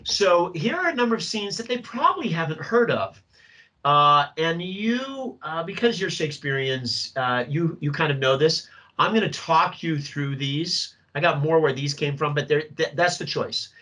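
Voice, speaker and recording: Middle-aged male drama teacher, lively workshop delivery, slightly raised pitch, swings up and down a lot. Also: moderate pace, poor audio. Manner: animated, acts out student voices.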